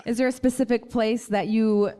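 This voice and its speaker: A woman's voice: a little high, fairly even intonation, normal speed, dark tone. A woman moderating a live panel, asking questions with friendly, playful asides.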